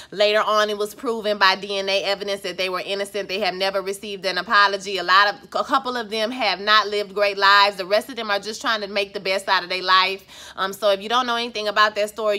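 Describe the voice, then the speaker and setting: A woman's voice: mid-range voice, bright, forceful tone. A woman recapping a TV episode in casual, emphatic chat, talking straight to her viewers. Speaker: TV recap vlogger; schoolteacher.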